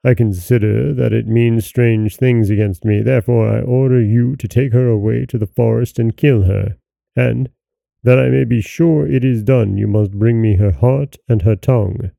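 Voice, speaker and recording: A man voicing a proud, quick-tempered old king, speaking sternly and with wrath. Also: on the low side, gravelly, dark tone, dry recording. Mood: angry.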